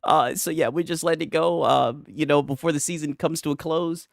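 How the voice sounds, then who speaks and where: A man's voice: fairly high pitch, steady tone, normal speed, creaky, no room sound, clean studio sound. A young man ranting in casual commentary, rambling and profane, tagging nearly every line with "right?". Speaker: streamer.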